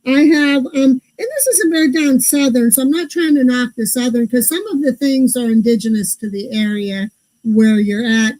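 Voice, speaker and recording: Woman co-host, high and mellow, casually ranting through pet peeves at the table. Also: moderate pace, rough recording. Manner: ranting, puzzled about everyday pet peeves. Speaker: podcast co-host. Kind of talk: casual chat.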